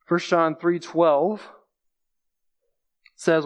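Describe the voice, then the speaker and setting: A man's voice: on the high side, fairly even intonation, moderate pace, highs cut off. A man giving a conversational sermon, explaining scripture plainly and repeating key phrases for emphasis. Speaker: preacher.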